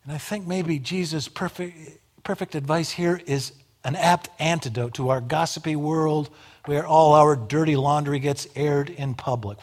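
A man delivering a sermon in a slightly higher-than-average voice. He swings between loud emphatic lines and hushed, low passages, with dry wit along the way. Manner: emphatic, dramatic rises and drops in volume; wry humor. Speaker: preacher.

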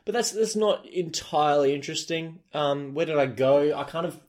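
A man's voice: on the high side, moderate pace, darkish tone. Hesitant young Australian man. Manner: self-deprecating, hesitant, lots of ums. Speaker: podcast co-host. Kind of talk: casual chat.

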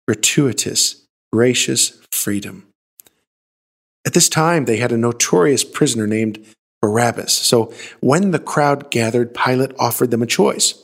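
This medium-pitched man, a pastor, has a gravelly and slightly rough voice. He retells a Bible story as a dramatic sermon, shifting from hushed words to emphatic ones.

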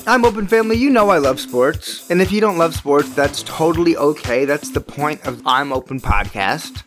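A podcast host talks through a sports rant with plenty of emphasis. The voice sits at an ordinary middle pitch but leaps up and gets louder whenever a point needs stressing. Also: animated, normal speed, over music. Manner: emphatic, ranting, with big jumps in pitch and loudness on stressed words. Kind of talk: opinionated sports podcast monologue.

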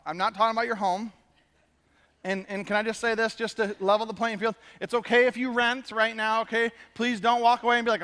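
A man, a pastor, giving a conversational and animated sermon to his congregation. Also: very high-pitched, in a large hall. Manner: conversational, animated preaching with quick asides. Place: church sanctuary.

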